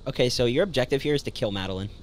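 A man's voice: mid-range voice, very fast. A man hosting a casual let's play, explaining the game to his friend in a laid-back way. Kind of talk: casual gameplay chat.

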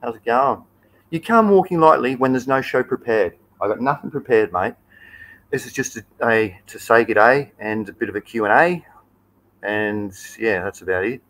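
A man's voice: medium pitch, moderate pace, fairly bright tone, low-quality recording. A man with an Australian accent hosting a casual live stream, talking through viewer questions in a chatty, easygoing and rambling way. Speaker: livestream host.

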